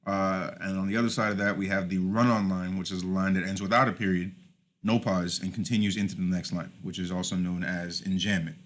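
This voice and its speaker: Lowish-voiced man lecturing over slides. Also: fairly even intonation, a little fast, a bit bright. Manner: explanatory, frequent "all right" and "uh" fillers. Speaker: teacher.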